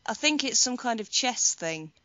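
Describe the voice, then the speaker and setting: A woman co-hosting a casual podcast, making quick dry remarks and laughing along. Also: a little high, expressive, pushed and bright, no echo, dull audio. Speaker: podcast co-host. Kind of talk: casual chat.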